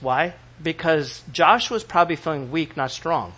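Animated male pastor, sermon delivery, bright and slightly high-pitched, dramatic outbursts. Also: normal speed, slightly rough. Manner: animated, acts out biblical quotes with sudden shouts.

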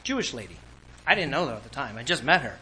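Pastor from California, bright, forceful voice, animated storyteller. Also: male voice, medium pitch, quick pace, a little hiss or hum, rough recording. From Orange County, California. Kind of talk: sermon.

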